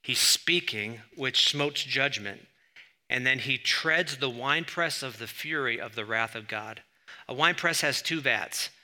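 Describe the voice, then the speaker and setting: A man preaching a sermon, conversational with asides, and rising loud when he reads scripture. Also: medium pitch, a little slow. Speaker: pastor.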